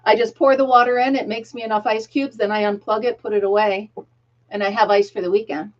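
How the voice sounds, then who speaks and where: Here a middle-aged woman talks fast at medium pitch with fairly even intonation, and the audio is dull. She's hosting a casual crochet livestream, chatting, laughing often and counting stitches aloud while a tickle bothers her throat.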